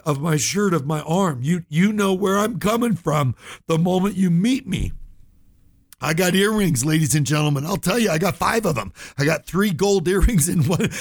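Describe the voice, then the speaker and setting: A man hosts a talk radio show with a gravelly, husky voice and a dry studio sound. He speaks earnestly and passionately to his listeners, repeating and restarting phrases, and is close to tears. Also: high-pitched, dry recording. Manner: earnest, impassioned, repetitive restarts. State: choked up, near tears.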